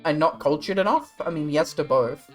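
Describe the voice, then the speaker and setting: A man's voice: fairly high pitch, moderate pace, soft background music. A young Australian man chatting casually with his stream viewers, rambling and swearing in a laid-back way. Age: young adult. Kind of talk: casual livestream chat.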